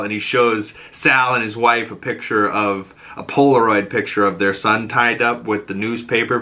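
A man hosting a podcast, recapping a TV episode in a casual, animated way, laughing and swearing often. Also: on the low side. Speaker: podcast host.

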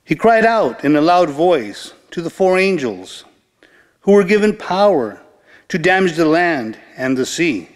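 A man with a fairly high voice reads scripture at Mass in a slow, measured, solemn way. His words ring out in a large church with a long, lingering reverb. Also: very animated. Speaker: lector. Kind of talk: liturgical scripture reading.

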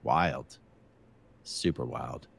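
A man's voice: a bass voice, extremely slow, creaky, husky, no room sound. A man co-hosting a casual live stream who reads viewer comments aloud and chats about them over a video call. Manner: chatty, reading comments aloud. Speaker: co-host reading viewer chat.

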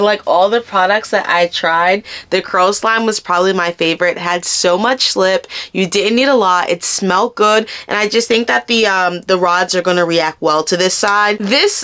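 A woman's voice: mid-range voice, fairly bright tone. A young woman chatting through a casual hair tutorial vlog, talking to her viewers like friends. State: raspy just-woken voice. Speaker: hair vlogger.

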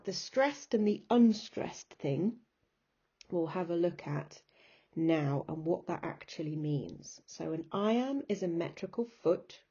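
A woman English teacher with a British accent giving a recorded lesson, slowing down to stress and repeat rhythms as she demonstrates them. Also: fairly low pitch, warm tone, breathy edge. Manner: clapping out rhythms, slow emphatic demonstrations. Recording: dull lo-fi recording.

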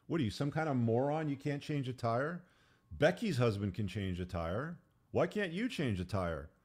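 A man's voice: medium pitch, animated, moderate pace, a little mellow, pitched above the performer's own voice, natural voice. A man putting on the voice of a nagging wife who taunts her husband with whiny questions. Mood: taunting. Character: nagging mocking wife, adult woman.

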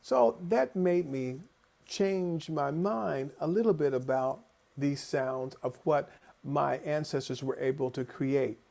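A choral conductor giving a conference lecture over a video call, telling personal stories in an animated way and acting out the voices he quotes. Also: fairly high pitch, takes it slowly, vocal fry.

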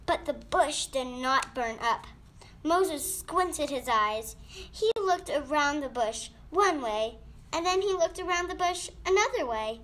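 A woman's voice: high-pitched, lively intonation, slow pace, a bit bright, a little hiss or hum. A woman telling a children's Bible story in a hesitant way with ums, addressing kids at church.

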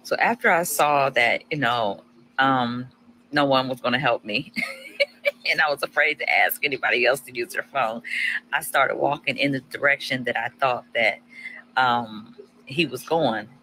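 A woman's voice: rumbling low, a little slow, sharp tone, a little hiss or hum, low-quality recording. A woman telling a personal story casually, acting out her own past lines with animation.

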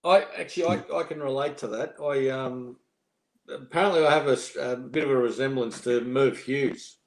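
An Australian man co-hosting a podcast, recounting a story in a relaxed, halting way. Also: medium pitch, poor audio. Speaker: podcast co-host. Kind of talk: casual chat.

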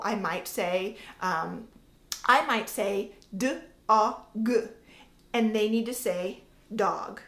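Her voice leans high and the room reverberates as she talks. A homeschooling mother and educator in her thirties, she casually explains to the camera how to teach reading, using sounded-out examples.

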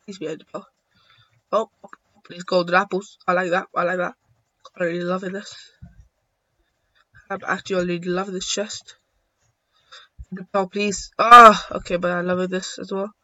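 A young man giving excitable, joking commentary while playing a video game, swearing now and then. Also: high-pitched, moderate pace, pauses often, dry recording. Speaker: gaming YouTuber. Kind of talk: casual gameplay commentary. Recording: dull lo-fi dry sound.

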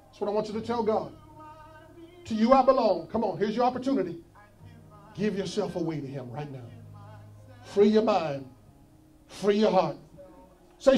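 A man preaching a sermon as pastor, rising from quiet encouragement to shouted pleas with urgent repeated calls. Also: high-pitched, animated, normal speed, pauses often, soft background music. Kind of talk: sermon with altar call.

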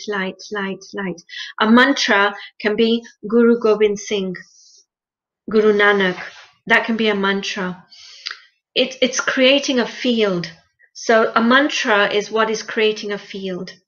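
A woman guest in an interview, explaining spiritual practice in an earnest, gently instructive way and repeating phrases for emphasis. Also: medium pitch, steady tone, unhurried. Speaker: interview guest, meditation teacher. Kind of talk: conversational interview. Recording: lo-fi muffled sound.

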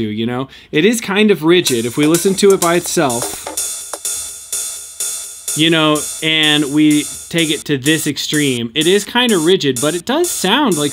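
A man hosting a hands-on synth tutorial, explaining casually with plenty of fillers. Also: fairly high pitch. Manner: relaxed, filler-heavy explaining. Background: electronic music playing from his rack.

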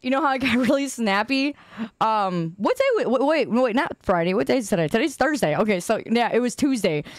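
A woman's voice: a little high, lively intonation, brisk, no echo, studio quality. A woman game streamer chatting casually with her viewers, goofy and rambling, poking fun at herself and laughing often. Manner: goofy, rambling, self-mocking.

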